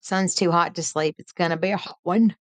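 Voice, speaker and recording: A chatty woman hosts a late-night live stream, greeting her viewers by name in a folksy way. Her voice sits low, and it sounds close and dry. She laughs easily and talks freely. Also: fairly even intonation, fairly quick, dry recording.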